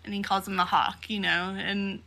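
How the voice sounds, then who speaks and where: A woman co-hosting a casual podcast, recapping a comic with lots of laughter and loose swearing. Her voice sounds bright and forceful, sitting at a middle pitch. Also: moderate pace, gravelly. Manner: animated, laughing, swears freely. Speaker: podcast co-host.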